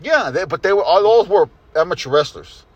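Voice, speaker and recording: A man telling a rambling, excited story to a friend in casual chat, swearing freely. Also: high voice, a little fast, no room sound, muffled recording.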